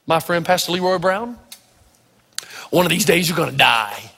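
A man from Tennessee preaching a sermon, telling stories with lively energy and acting out the voices of the people in them. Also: a little high, moderate pace, creaky, breathy edge. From Tennessee, United States. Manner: animated storytelling, acting out voices. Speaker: pastor. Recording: reverberant hall.

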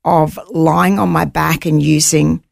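A woman's voice: sits low, fairly even intonation, takes it slowly, gravelly, dry recording, clean studio sound. A woman guest in an interview, earnestly telling a personal story and voicing her own thoughts aloud.

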